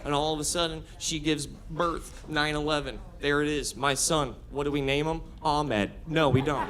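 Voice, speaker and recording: A man in his thirties doing a stand-up comedy set, brash and building into shouted rants. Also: on the high side, fairly even intonation, normal speed, few pauses, a crowd in the background. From Florida. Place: comedy club stage with audience laughter.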